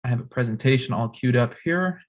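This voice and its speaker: A man's voice: mid-range voice, expressive, brisk, lo-fi sound. A young man, a composer, giving a recorded music history lecture with many fillers and restarts.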